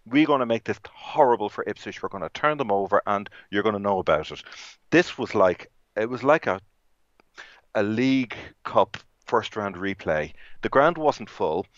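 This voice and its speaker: A man's voice: lowish voice, animated, moderate pace, fairly bright tone, no room sound, dull audio. A man co-hosting a podcast in casual football chat, rambling with many restarts. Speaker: podcast co-host.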